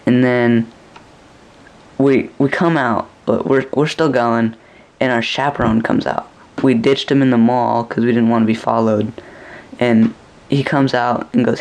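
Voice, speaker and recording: A man's voice: medium pitch, fairly even intonation, measured pace, a little mellow. A young man casually recounting a rambling, crude dream story, acting out what people said in a raised voice. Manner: crude, rambling, acts out quoted lines with a raised voice. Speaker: vlogger.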